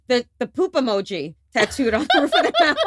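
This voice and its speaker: A woman's voice: high voice, noisy background. A woman co-hosting a podcast among dental hygienists, telling stories in casual chat with lots of laughter and restarts. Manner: animated storyteller, laughs often, trails off and restarts.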